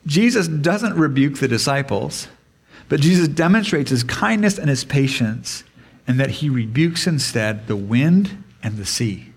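A man's voice: on the high side, lively intonation, breathy edge. A man preaching a sermon to a congregation in a conversational way, asking them questions and changing his pace for emphasis. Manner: conversational, asks the audience questions; varied pace, speeds up and slows for emphasis. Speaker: pastor.

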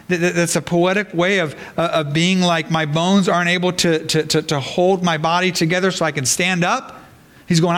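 Man preaching in a higher voice. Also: moderate pace, fairly bright tone. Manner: earnest preaching with frequent restarts. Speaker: pastor. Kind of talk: sermon.

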